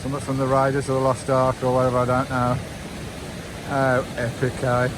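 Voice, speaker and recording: A man walks a wet woodland trail and rambles to his viewers in casual vlog chat. He keeps calling out to them and to his dog, his voice at a middling pitch. The outdoor recording carries a clear layer of background noise. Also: monotone, a little fast. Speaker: vanlife vlogger. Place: outdoors on a wooded hillside trail by a stream.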